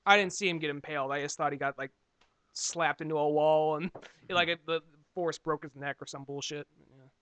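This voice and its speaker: High, bright-voiced young man joking around. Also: fairly even intonation, no echo. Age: 20s. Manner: joking, profane, quick to laugh. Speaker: podcast co-host. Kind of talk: casual movie chat.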